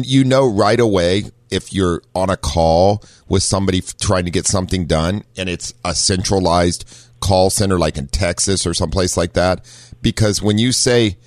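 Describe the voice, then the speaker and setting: A man's voice: deep voice, no echo, studio quality. A man hosting a car-talk radio show, chatting folksily with lots of fillers. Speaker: radio show host, auto shop owner. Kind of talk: casual radio talk with a caller.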